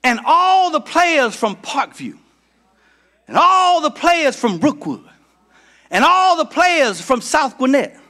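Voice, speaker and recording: A middle-aged man from Georgia preaching a sermon as pastor, building to shouts and calling out to the congregation. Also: very high-pitched, sing-song, takes it slowly. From Georgia, United States.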